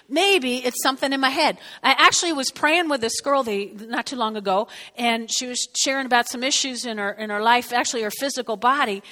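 A woman preaching a sermon, animated, whooping one moment and dropping to a hushed prayer the next. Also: on the high side. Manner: animated, sudden whoops and drops to a hush. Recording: long hall reverb.

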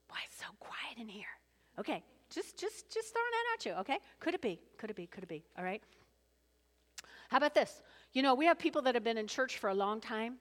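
A woman pastor preaching a sermon in a church, lively and animated, acting out voices from the story. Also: a little high. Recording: long reverb of a church hall.

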